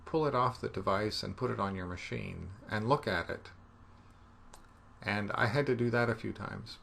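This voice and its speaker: Guy with a low gravelly voice walking through a coding tutorial, easygoing, pokes fun at himself. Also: slight background noise. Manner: relaxed, thinking aloud, self-deprecating. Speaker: programming instructor.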